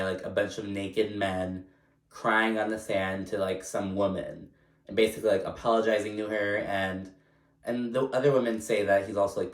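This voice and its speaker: A man hosting a casual recap vlog, chatty and loose, full of fillers and casual swearing. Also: on the low side. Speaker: recap vlogger. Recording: echoey room.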